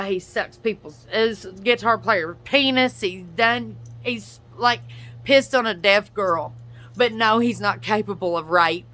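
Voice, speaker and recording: A woman's voice: medium pitch, bright, forceful tone. A woman ranting straight at another person in a blunt, profane, confrontational reaction video. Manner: addresses another person directly. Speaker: YouTuber and podcaster. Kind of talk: angry reaction rant.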